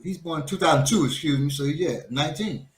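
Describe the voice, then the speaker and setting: A man in his forties co-hosting a casual panel chat, an animated storyteller who mimics other voices. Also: a little high, fairly quick, reverberant. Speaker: podcast co-host.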